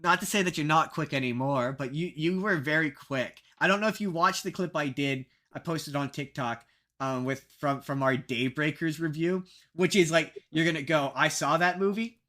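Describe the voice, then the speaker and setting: A young man chatting on a podcast with a bright, forceful voice pitched a little high. He rambles through a story, stumbling over restarts and fillers and laughing at his own old opinions. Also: normal speed. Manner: rambling, self-mocking, many fillers and restarts. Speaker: podcast co-host. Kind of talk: casual podcast chat.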